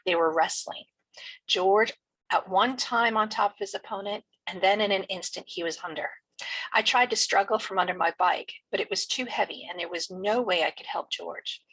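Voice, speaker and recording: Husky woman reading a novel aloud. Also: mid-range voice, moderate pace, a bit bright, poor audio. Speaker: teacher.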